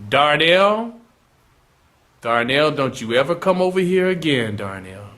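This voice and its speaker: A man voicing an ominous older Creole woman who issues low, slow warnings and keeps repeating a name. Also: sing-song, a bit bright. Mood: menacing.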